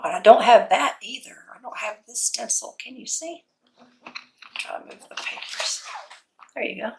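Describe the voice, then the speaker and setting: A woman's voice: mid-range voice, gravelly, background noise. A woman unboxing a scrapbook kit in casual vlog commentary, gushing and cooing over each item, her voice a little worn as if she is losing it.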